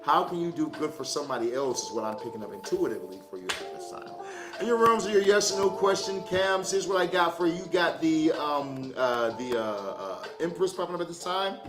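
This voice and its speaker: A man's voice: a little high, animated, a little fast. A man giving a casual livestream tarot reading, loose and profane, joking and laughing easily. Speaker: tarot card reader. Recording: echoey room with music.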